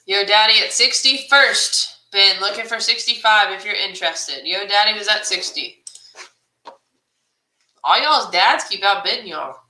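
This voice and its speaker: A woman's voice: mid-range voice, measured pace, pushed and bright. A woman co-hosting a live-stream auction, chatting with viewers, reading their comments and calling bids with frequent laughter. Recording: roomy echo.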